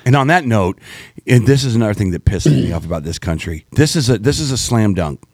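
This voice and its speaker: A man's voice: lowish voice, expressive, a little fast, darkish tone, slightly rough, no room sound, studio quality. A man co-hosting a talk podcast, blunt and riled up, swearing freely and mimicking opponents. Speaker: co-host. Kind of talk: casual political talk.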